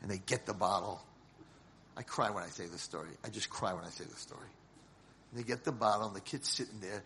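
A man giving a sermon as a rabbi, telling a story dramatically and swinging from hushed lines to shouted ones. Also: on the low side, a little fast.

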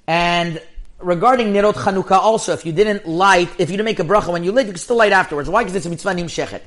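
Man playing a rabbi lecturer, high-pitched and emphatic, talks in rapid bursts with restarts and Hebrew terms. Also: fairly bright tone. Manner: mixes in Hebrew and yeshiva terms. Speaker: rabbi teaching Jewish law. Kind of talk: Torah lecture.

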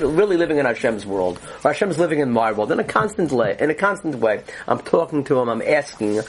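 A man's voice: mid-range voice, very animated, a little fast, hardly any pauses, slight background noise, low-quality recording. A man teaching a Torah class, earnestly explaining ideas and often restarting his phrases.

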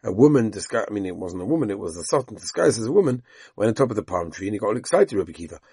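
Man, Talmud lesson, fast storytelling, dry close sound, low pitch. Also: big pitch swings, mellow, slightly rough, no room sound. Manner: reads Aramaic text and paraphrases it in English; tells the story with voiced quotes of the characters. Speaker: Talmud teacher.

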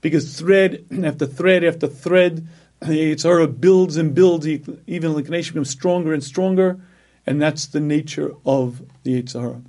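A man delivers a religious sermon in a slightly raised register. He keeps clearing his throat between phrases. He drives points home by repeating key words. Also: fairly high pitch, normal speed, mellow. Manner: frequent throat clearing, emphatic repetition. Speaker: rabbi giving a talk.

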